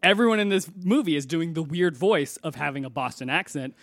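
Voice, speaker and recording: A man co-hosting a casual movie podcast, animated and joking. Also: on the high side, brisk, no echo, studio quality. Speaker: podcast co-host.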